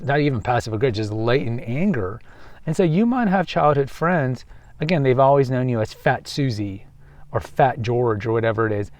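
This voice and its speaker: A man's voice: medium pitch, a little mellow, no room sound. A man with a Texan accent hosting a podcast, talking emphatically outdoors on a walk and often restarting his phrases. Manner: emphatic, self-correcting, acts out quoted voices. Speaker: podcast host. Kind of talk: outdoor monologue. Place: outdoors on a waterfront path.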